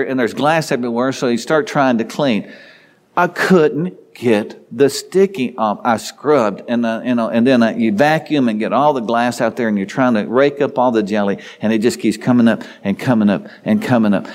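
A middle-aged man with a medium-pitched voice preaches a folksy devotional sermon. He tells a homely story in a rambling way, restarting many times.

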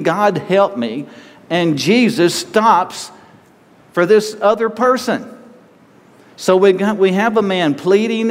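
Earnest preacher in a reverberant hall. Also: male voice, high-pitched. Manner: earnest, conversational preaching with dramatic pleading asides. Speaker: pastor. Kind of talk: sermon. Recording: hall reverb with faint ambient noise.

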